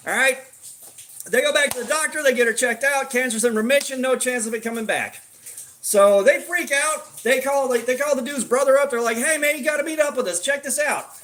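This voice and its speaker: While crafting at home, a male streamer casually tells a crude joke in a loose, profane way, full of slang and fillers. His voice is very high-pitched and a bit bright.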